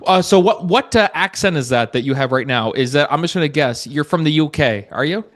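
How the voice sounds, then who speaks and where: A man's voice: on the high side, animated, fairly quick, a bit bright. Rambling, chatty male podcast host. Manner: rambling, many restarts and fillers, laughs easily. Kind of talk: casual podcast interview.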